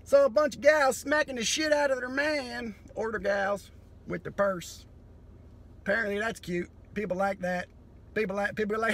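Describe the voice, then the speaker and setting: A man doing a profane, sardonic comedy monologue that breaks into sudden loud bursts. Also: sits high, moderate pace.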